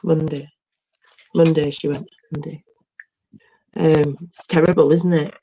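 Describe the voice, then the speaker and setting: A man's voice: a little high, little pitch movement, unhurried, dark tone, a little hiss or hum. A middle-aged man chatting casually in a plain, matter-of-fact way over dull, lo-fi call audio. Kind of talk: casual chat.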